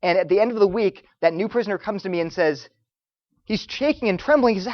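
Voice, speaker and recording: A man lecturing students, telling stories in an animated way and acting out the voices of the people he quotes. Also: high-pitched, quick pace, no room sound, highs cut off. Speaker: Christian apologetics speaker.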